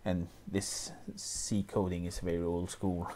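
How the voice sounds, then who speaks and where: A man explaining music software step by step, often pausing with fillers and restarting his sentences. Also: deep voice, flat delivery. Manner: hesitant, many fillers and restarts. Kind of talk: screen-recorded tutorial.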